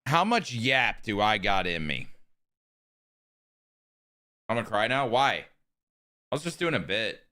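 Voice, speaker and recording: A man's voice: on the low side, very animated, a little slow, long pauses, sharp tone, no echo. A man streaming a video game, chatting casually and joking with his chat. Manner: joking banter with chat, running bits.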